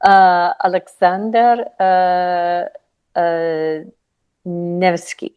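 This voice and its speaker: A woman's voice: lowish voice, little pitch movement, very slow, smooth, muffled recording. A woman learning a language on a video call, hesitant, asking questions and trying out new words. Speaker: language student. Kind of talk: online tutoring lesson.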